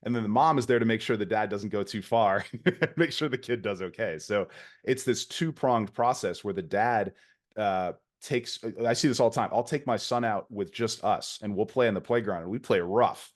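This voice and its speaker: A man's voice: lowish voice, normal speed. A man talking as a podcast guest, explaining ideas at length in a casual conversation. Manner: explanatory, lecturing tone.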